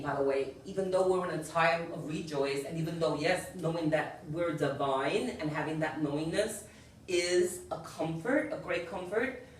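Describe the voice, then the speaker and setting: A woman's voice: lowish voice, slight background noise. Echoey, distant woman giving a spiritual talk. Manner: earnest, keeps checking in with "yes?" and "you know". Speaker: spiritual teacher. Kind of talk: spiritual lecture to a group. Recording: very echoey room, far from the mic.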